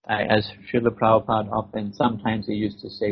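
A man giving a spiritual lecture in short measured phrases with rhetorical questions, pausing for an interpreter, on a dull lo-fi recording. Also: on the low side, husky.

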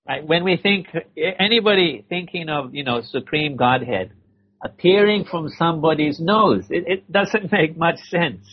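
Husky male lecturer, paced phrases. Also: a little high, lively intonation. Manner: measured, explanatory, rhetorical questions. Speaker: spiritual lecturer. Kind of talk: sermon in short phrases paused for interpretation. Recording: dull lo-fi recording.

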